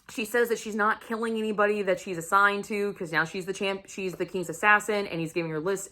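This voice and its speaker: A woman book vlogger giving a casual weekly reading update, excitable and gushing, swearing freely as she talks. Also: on the low side.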